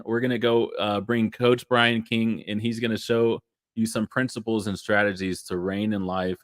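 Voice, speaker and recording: Enthusiastic low-voiced event host. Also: male voice, little pitch movement, normal speed, dry recording. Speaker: livestream host. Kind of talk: hyping up an online event.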